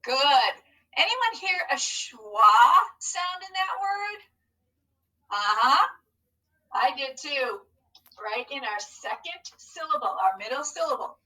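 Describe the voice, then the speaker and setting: A woman teaching a phonics lesson on video, breaking words into syllables slowly and encouraging the class. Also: high-pitched, pushed and bright, recorded from a distance, poor audio. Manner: slow, encouraging, modelling each syllable.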